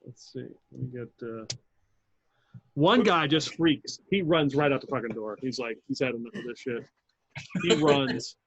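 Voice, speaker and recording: A man's voice: medium pitch, unhurried, muffled recording, a little hiss or hum. A man narrating as game master of a tabletop role-playing game, casual and profane, with plenty of fillers. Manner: casual, swears, lots of fillers.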